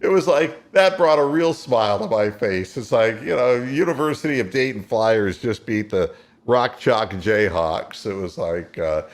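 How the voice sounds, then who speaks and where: A sports radio host in casual talk, retelling games play by play like a storyteller. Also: male voice, lowish voice, measured pace.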